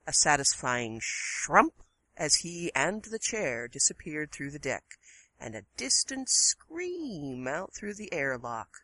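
A woman reads a short story aloud in a slow, unhurried voice. Her pitch moves a lot and her tone is bright. The recording is dry and close. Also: sing-song, no room sound. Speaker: guest story reader.

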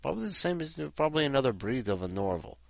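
In a fast, very animated delivery with vocal fry, a medium-pitched man hosts as the vampire Count Dracula, rambling, cracking jokes and puns, and using lots of fillers. The recording is dry and studio quality.

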